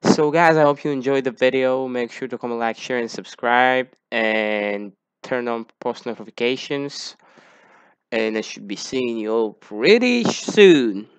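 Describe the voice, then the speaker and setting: A man's voice: medium pitch, unhurried, clear, resonant tone, no room sound. A man hosting a casual reaction video, talking to viewers and breaking into outraged exclamations. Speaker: YouTube reaction host.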